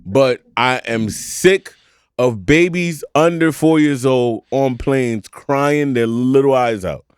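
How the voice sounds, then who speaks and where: A man co-hosting a podcast, chatting casually in an animated, profane rant with frequent laughter. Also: mid-range voice, slow, smooth, no room sound, clean studio sound. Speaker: podcast co-host. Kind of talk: casual chat.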